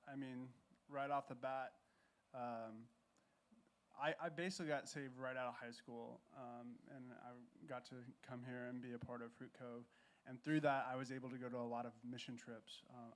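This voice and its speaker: A man appearing as a guest on a church stage, telling his story in a relaxed, conversational way, correcting himself as he goes and joking along with the host. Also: mid-range voice, normal speed.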